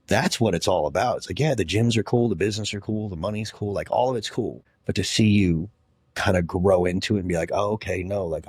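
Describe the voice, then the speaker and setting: A man's voice: sits low, darkish tone, breathy edge, no room sound, studio quality. A man speaking as a podcast guest, earnest and heartfelt about leadership and faith. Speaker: podcast guest, gym owner. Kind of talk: casual podcast conversation.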